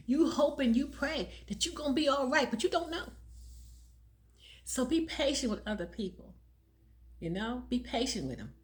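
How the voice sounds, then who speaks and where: A middle-aged woman talking earnestly to viewers as a caregiver and awareness speaker, repeating phrases for emphasis. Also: a little high. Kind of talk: heartfelt personal talk to viewers.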